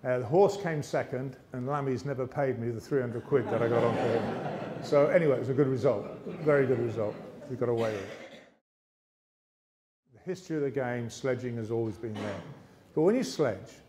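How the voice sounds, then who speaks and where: An English man giving a motivational speech on stage, telling a lively story and slipping into other people's voices. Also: mid-range voice, a little fast, crowd noise. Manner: lively yarn-spinning with character voices. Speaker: motivational speaker. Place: arts centre stage, live audience.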